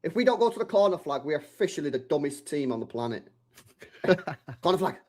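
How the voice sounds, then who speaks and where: A young man live-streaming his reaction to a football match, excitable and slangy, shouting at the screen and swearing. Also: a little high, fairly quick.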